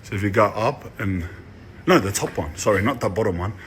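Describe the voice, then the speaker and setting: A man's voice: fairly low pitch, expressive, a little fast, fairly bright tone, a little hiss or hum. A young Australian man talking casually outdoors, brash and boastful with street slang. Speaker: social media personality. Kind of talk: casual walking vlog. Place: outdoors among apartment blocks.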